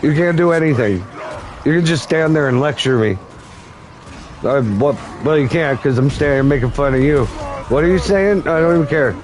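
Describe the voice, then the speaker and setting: A man's voice: fairly high pitch, animated, moderate pace, darkish tone, a little hiss or hum, natural voice. A man voicing a sarcastic farmer uncle who taunts and scorns in rambling rants. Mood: taunting.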